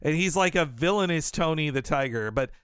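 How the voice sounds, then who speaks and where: A man's voice: fairly high pitch, expressive, fairly quick, fairly bright tone, clean tone, no room sound, studio quality. A man co-hosting a podcast, chatting casually and laughing often between his thoughts. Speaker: podcast co-host. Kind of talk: casual chat.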